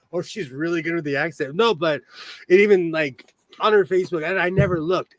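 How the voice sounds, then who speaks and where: Male host, casual rambler, laughs a lot, high voice, dry close sound. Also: a little slow, pauses often, no room sound. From California. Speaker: podcast host. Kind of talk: casual chat.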